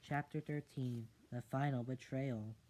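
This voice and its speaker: A reader reading a picture book aloud in a casual, soft style, adding whispered side comments. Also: medium pitch, fairly even intonation, a little slow.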